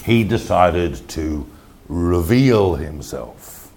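A man with a fairly low voice gives an informal history lecture. He tells the story in a lively, conversational way, repeating himself now and then and turning to his listeners with asides. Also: very slow, slight background noise. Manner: animated storytelling with asides to the audience; conversational, with frequent fillers and repetitions.

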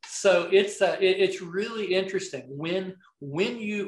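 Speaking unhurriedly in an echoey room, a high-pitched, middle-aged Southern man tells rambling stories. He's a video marketing coach on a podcast, and his animated anecdotes in this casual interview are riddled with restarts.

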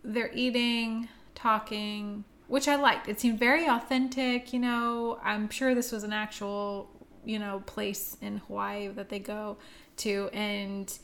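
A woman's voice: medium pitch, little pitch movement, slow, fairly bright tone. A woman co-hosting a casual film-review chat, chatty and laughing often, with frequent fillers. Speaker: podcast co-host.

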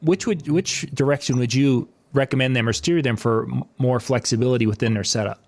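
Man, mid-pitched, host, casual questions, restarts and rambles. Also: fairly quick, a little mellow.

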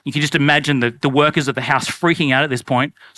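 A man's voice: medium pitch, fairly even intonation, fast talker, few pauses, bright, forceful tone. A man preaching an earnest, conversational sermon as a pastor, repeating phrases for emphasis.

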